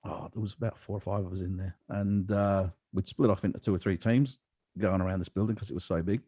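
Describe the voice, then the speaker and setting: A casual podcast host with a deep, low-pitched voice. He rambles through anecdotes, pausing on fillers as he goes. The sound is dry and close, with no room around it. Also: dark tone, dry recording. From Western Australia. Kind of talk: casual storytelling chat.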